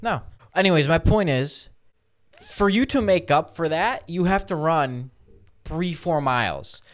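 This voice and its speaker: Animated swearing young man telling stories. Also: on the high side, measured pace. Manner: laughing storyteller, heavy swearing, animated quoted voices. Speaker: podcast co-host. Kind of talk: casual podcast chat.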